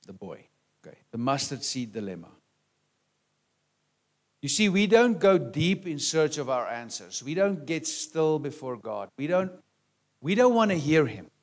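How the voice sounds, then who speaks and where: Male pastor with a lightly raised pitch, preaching in a chatty, questioning way that often turns to soft asides. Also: very animated, measured pace, long pauses. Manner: conversational preaching, rhetorical questions, frequent "right?" and "amen?". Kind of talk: sermon.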